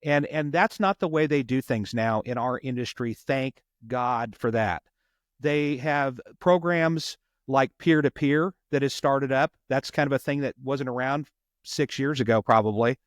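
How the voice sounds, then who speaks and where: A man's voice: medium pitch, a little slow, no echo, studio quality. A man, a police officer, telling a story in a long earnest run, repeating words as he goes. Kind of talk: conversational storytelling.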